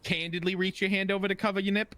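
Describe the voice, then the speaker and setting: A man's voice: sits high, level tone, fast, pushed and bright. A man co-hosting a podcast, bantering in a playful, joking way. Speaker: podcast co-host. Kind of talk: casual chat.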